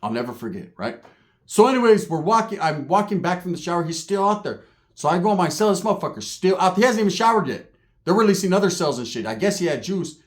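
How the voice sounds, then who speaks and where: A man telling a prison story in a casual, profane, jokey way, swinging between loud and hushed. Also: high voice, big pitch swings, fast talker. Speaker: storyteller recalling prison time.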